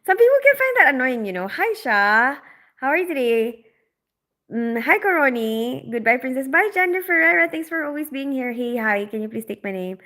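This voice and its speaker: A young adult woman who grew up in the Philippines, hosting a casual livestream and chatting quickly with many fillers and laughs while reading out comments. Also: high voice, lively intonation, sharp tone. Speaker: livestream host, operating room nurse.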